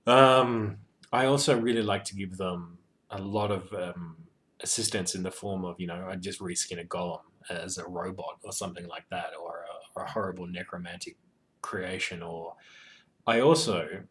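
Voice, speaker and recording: Low-voiced man rambling game-master advice. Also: steady tone, normal speed, fairly bright tone. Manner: rambling, full of ums and you-knows, sweary and joking. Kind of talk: casual advice monologue.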